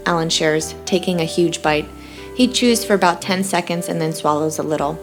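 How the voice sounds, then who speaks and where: A woman reads a first-person story in a light, friendly way. Her voice sits on the lower side, with soft music faint behind her. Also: fairly even intonation, brisk. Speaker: audiobook narrator. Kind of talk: first-person audiobook narration.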